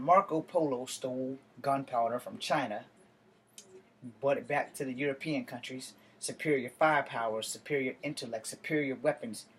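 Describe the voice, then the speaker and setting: A man's voice: mid-range voice, fairly bright tone, breathy edge, low-quality recording. A man giving an emotional, impassioned vlog rant, swearing and building to outbursts. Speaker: video blogger.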